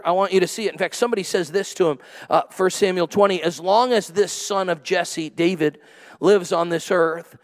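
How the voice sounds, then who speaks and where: A man preaching a sermon as pastor, punchy and conversational, with asides to the congregation. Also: high voice. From went to college in New England.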